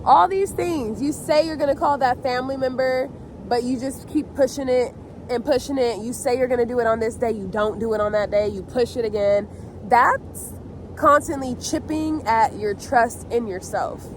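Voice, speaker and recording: A woman's voice: a little high, moderate pace, a little hiss or hum. A woman vlogging outdoors, giving casual motivational talk to camera in a loose, slangy, conversational way full of "like". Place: outdoors in nature.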